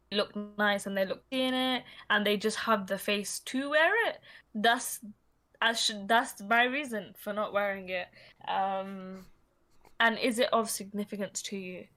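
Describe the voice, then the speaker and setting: A young woman, co-hosting a podcast in casual chat. She talks in an animated, emphatic way and repeats herself for effect. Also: medium pitch, a little slow. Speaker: podcast co-host.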